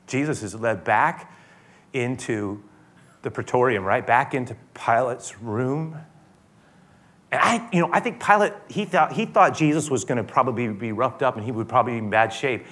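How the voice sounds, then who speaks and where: A male pastor preaching a sermon in an animated, storytelling way with frequent restarts. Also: medium pitch, moderate pace.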